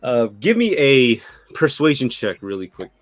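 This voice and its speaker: A man's voice: mid-range voice, big pitch swings, normal speed, dry recording, soft background music. Rambling male dungeon master. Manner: rambling with many restarts. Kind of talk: narrating a tabletop game.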